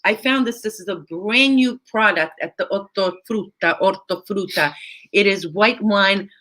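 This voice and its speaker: A woman's voice: medium pitch, unhurried, sharp tone. A woman hosting a casual live stream, chatting with hesitant fillers as she reads out viewer comments. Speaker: host.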